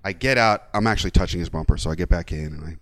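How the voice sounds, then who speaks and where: A man's voice: sits low, racing. A man, co-hosting a casual podcast, telling a rant with lots of swearing and acted-out quotes. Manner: animated, swears, acts out quotes. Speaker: podcast co-host. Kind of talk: casual chat, storytelling a rant. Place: Los Angeles area.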